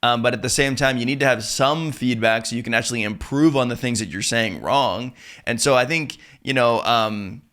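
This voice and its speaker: A man's voice: medium pitch, moderate pace, hardly any pauses. A man hosting an interview, chatting casually and loosely with lots of "like", sometimes acting out quotes. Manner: relaxed and chatty, many "like" fillers, acts out quotes. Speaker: interview host.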